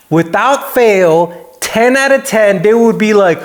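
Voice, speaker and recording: A man's voice: high voice, slow pace. A man, a YouTuber, talking casually to his viewers and telling stories, acting out the people he quotes. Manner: animated storytelling, acts out quoted people. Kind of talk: casual talking-head vlog.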